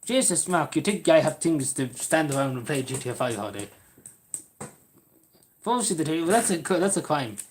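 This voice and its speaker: A man's voice: a little high, big pitch swings, normal speed, long pauses. A man with an Irish border accent from Cavan, rambling and swearing as he chats with viewers while hosting a livestream. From Ireland. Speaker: livestream host. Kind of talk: casual livestream chat reading the chat.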